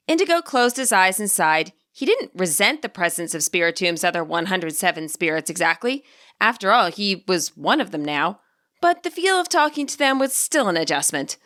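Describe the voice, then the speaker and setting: Woman storyteller, expressive reading, bright tone. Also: medium pitch, normal speed. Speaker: narrator and channel host. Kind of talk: storytelling narration.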